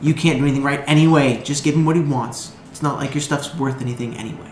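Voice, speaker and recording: A man's voice: medium pitch, roomy sound, a little hiss or hum, close to an everyday voice. A man voicing Bakaris the Younger, an arrogant young nobleman who insults shopkeepers, in a tabletop game. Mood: sneering. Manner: snide, insulting, drawn-out delivery. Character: arrogant young male noble, sneering bully.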